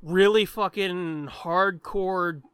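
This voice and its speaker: A man co-hosting a podcast in casual chat, animated and rambling, swearing freely. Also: high-pitched, drawn-out words, clear, resonant tone, no echo. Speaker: podcast co-host.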